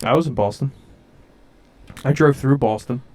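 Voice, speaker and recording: Deadpan podcast co-host man. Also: medium pitch, normal speed. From Delaware County, Pennsylvania. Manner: deadpan joking. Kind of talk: casual chat.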